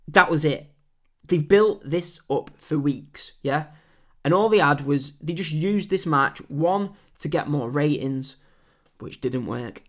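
A man hosting a wrestling podcast, giving blunt opinions with swearing and mocking loud shouts. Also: a little high. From England. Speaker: podcast host.

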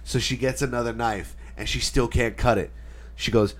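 A man's voice: fairly low pitch, a little fast. A man co-hosting a podcast, telling a dinner story in casual chat and acting out the quotes. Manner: animated storyteller acting out quotes, swears freely. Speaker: podcast co-host.

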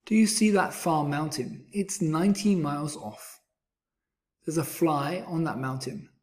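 Man voicing a show-off storybook rabbit, high and brash, slow and drawn out. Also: close to an everyday voice. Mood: boastful. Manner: bragging, loud and high. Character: boastful male rabbit, proud and showy.

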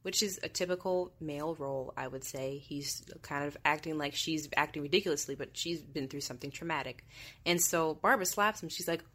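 A woman's voice: low voice, moderate pace, sharp tone. A woman hosting a casual film discussion, wry and joking, acting out quotes as she explains. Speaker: podcast host.

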